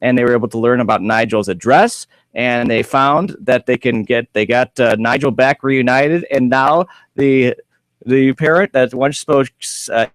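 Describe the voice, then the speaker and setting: A man's voice: medium pitch, normal speed, no echo. Male radio host, upbeat and chatty, mid-range voice, dry studio mic. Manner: upbeat, repeats the phone number, easy banter. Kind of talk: casual radio chat.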